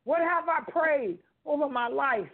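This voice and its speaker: A woman's voice: sits high, lively intonation, a little slow. A woman in her fifties giving an emphatic, preacherly spiritual testimony on talk radio, repeating phrases and speaking colloquially. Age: 50s. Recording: phone-like narrow sound.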